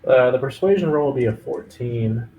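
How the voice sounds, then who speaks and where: A man's voice: medium pitch, lively intonation, moderate pace, very noisy. A man playing a tabletop game, chatty and joking, asking pointed questions. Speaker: player. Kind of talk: casual tabletop play.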